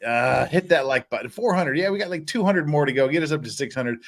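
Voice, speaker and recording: A man's voice: a little high, fast. A man hosting a casual livestream, joking and laughing with his guests and asking viewers to hit the like button. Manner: animated, jokey, laughing often. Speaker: livestream host.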